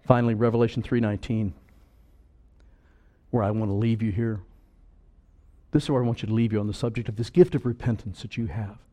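A man preaching a sermon, earnest and slow on key words, breaking into sudden loud bursts of urgency. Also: lowish voice, fairly even intonation.

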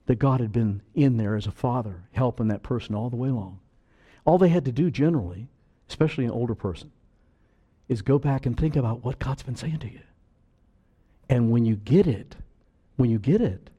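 A man with a medium-pitched voice preaches a sermon earnestly, slowing down on key words and breaking into sudden loud bursts of urgency.

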